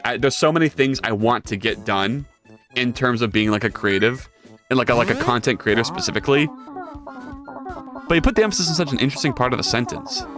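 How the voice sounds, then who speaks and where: A streamer working through a live modeling session, talking in a lively voice that swings up and down freely. The talk is loose and jokey, full of restarts and replies to chat. A faint music track plays behind the voice. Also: medium pitch. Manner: chatty, jokey, reads chat aloud and answers it; rambling with frequent restarts and repeated words. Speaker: streamer and game developer. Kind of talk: casual livestream chat while 3D modeling.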